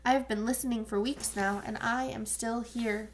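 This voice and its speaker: A woman's voice: fairly high pitch, fairly even intonation, normal speed, a little hiss or hum, close to an everyday voice. A woman voicing a defiant teenage boy who speaks earnestly and bitterly. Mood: firm.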